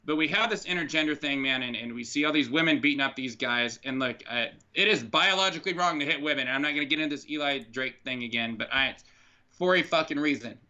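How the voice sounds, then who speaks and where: A man's voice: medium pitch, quick pace, sharp tone, dull audio. A man from the United States co-hosting a podcast, ranting with frustration and plenty of swearing. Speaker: podcast co-host. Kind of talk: casual podcast chat. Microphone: online call mic.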